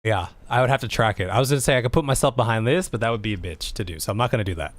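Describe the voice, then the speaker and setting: A man's voice: lowish voice, racing, no room sound. A man streaming as he edits a video, thinking aloud, repeating himself and laughing often. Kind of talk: casual live commentary.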